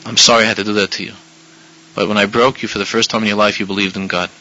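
A man's voice: on the low side, level tone, very fast. A man playing a fiery, stern old male Hasidic rebbe within a story he tells, in a dull lo-fi recording. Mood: gentle. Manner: harsh scolding turning gentle.

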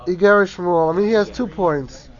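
A man teaching a Torah class to a small group, with lively sing-song emphasis on key words. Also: high voice, normal speed. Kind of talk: Talmudic lesson to a small class. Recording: dull lo-fi classroom recording.

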